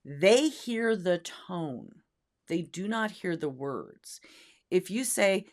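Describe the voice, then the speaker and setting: A woman's voice: on the low side, very animated, takes it slowly. A woman co-hosting a casual talk show about dog training, speaking emphatically and demonstrating tones of voice. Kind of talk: casual podcast chat.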